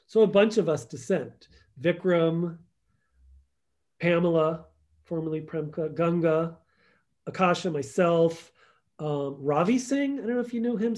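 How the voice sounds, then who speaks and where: Storytelling man, higher-pitched voice. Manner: storytelling, acts out quotes, trails off softly. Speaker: guest. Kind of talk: conversational podcast interview.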